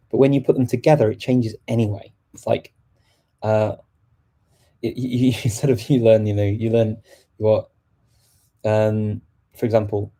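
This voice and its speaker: Guy on a live stream, really dark mellow voice, bit husky, lots of ums and restarts. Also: on the low side. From England. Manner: hesitant, many fillers and restarts while switching languages. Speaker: host answering viewer questions. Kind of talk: casual live-stream chat.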